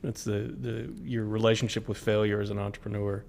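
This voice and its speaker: A man's voice: lowish voice, flat delivery, a little fast, vocal fry, darkish tone. A man in his forties or older co-hosting a podcast, asking his guest earnest questions. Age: 40s or older. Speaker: podcast co-host. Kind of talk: casual podcast interview.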